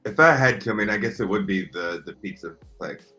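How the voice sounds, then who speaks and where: A man answers fan questions at a signing, musing in a relaxed, easygoing way. His voice sits a little low. Faint music plays behind him. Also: fairly quick. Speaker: voice actor at a fan autograph signing.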